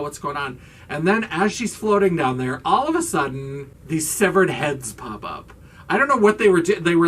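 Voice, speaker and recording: Animated woman recapping a movie. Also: fairly low pitch, distant mic. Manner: animated, acts out characters' lines, swears for laughs. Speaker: host.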